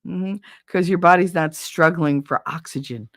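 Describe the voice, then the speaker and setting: A woman's voice: on the low side, moderate pace, no room sound, studio quality. Blunt, profane woman telling stories. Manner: blunt, profane, laughing anecdotes. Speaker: livestream host. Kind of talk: casual storytelling chat.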